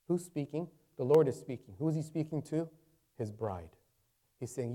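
A man's voice: mid-range voice, a little fast, warm tone. A man preaching a sermon, speaking conversationally at first and rising into fervent, raised-voice preaching, repeating phrases for emphasis. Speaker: pastor.

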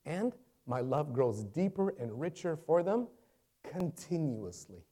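Mellow-voiced preacher building to fervor. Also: male voice, fairly high pitch, big pitch swings, slow. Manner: conversational, building to fervent raised preaching; repeats phrases for emphasis. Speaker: pastor. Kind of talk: sermon.

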